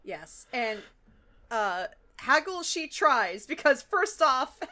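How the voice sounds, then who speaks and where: A woman's voice: high-pitched, sing-song, slow pace, bright, forceful tone. A woman co-hosting a podcast, recapping a cartoon in casual chat. She giggles often and swears freely. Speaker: podcast co-host.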